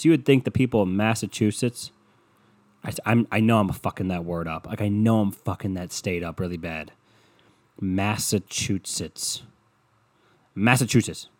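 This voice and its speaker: Profane rambling man, lowish voice. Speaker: podcast host. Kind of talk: casual solo podcast rant. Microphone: computer mic at desk, browsing online maps.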